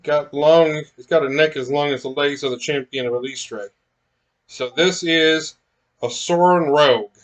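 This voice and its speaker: A man's voice: a little high, unhurried. A man chatting casually as he unboxes miniatures, rambling with many fillers and restarts. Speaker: miniatures collector unboxing blind boxes.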